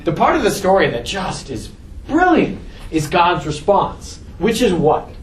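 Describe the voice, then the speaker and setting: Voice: mid-range voice, sing-song, unhurried, far from the mic, a little hiss or hum. Irreverent lecturer in an echoey classroom. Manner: irreverent, joking, asks the class questions. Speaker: teacher. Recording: echoey classroom taped from afar.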